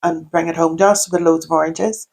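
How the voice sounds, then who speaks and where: A woman's voice: low-pitched, steady tone, brisk, gravelly, a little mellow. A woman, co-hosting a casual chat podcast in a chatty, giggly way. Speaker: podcast co-host.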